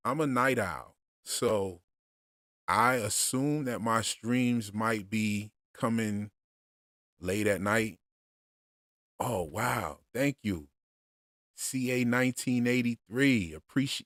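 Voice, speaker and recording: A man chatting casually on a livestream about show theories, relaxed and unhurried, with lots of fillers and restarts. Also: on the low side, dry recording, studio quality. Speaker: streamer discussing show theories.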